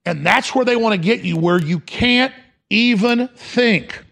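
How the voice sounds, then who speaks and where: A man's voice: sits high, unhurried, vocal fry, a bit bright. A middle-aged man hosting a talk radio show, delivering an impassioned, ranting monologue.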